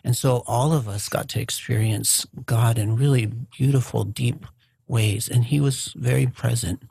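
A man speaking reflectively about a shared faith experience, halting as he goes. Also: medium pitch, fairly even intonation, vocal fry, darkish tone, breathy edge, dry recording. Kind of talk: conversational testimony.

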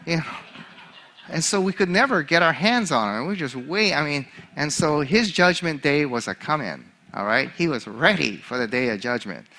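A male chaplain preaching a sermon, an animated storyteller who laughs at his own story. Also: on the high side, moderate pace.

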